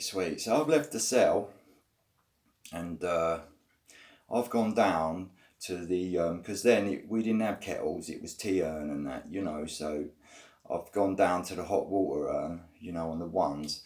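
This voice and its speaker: Man, very low voice, rambling ex-con storyteller, sweary and filler-heavy. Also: darkish tone. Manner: rambling, loose, full of fillers like you know and basically; swears bluntly, uses prison slang. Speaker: former prisoner telling his story. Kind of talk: casual first-person storytelling.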